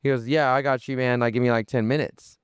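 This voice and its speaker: Smooth-voiced young man telling a story. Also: medium pitch, quick pace, no room sound, clean studio sound. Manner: animated, lots of fillers and restarts, swears freely. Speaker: podcast guest. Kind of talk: casual storytelling.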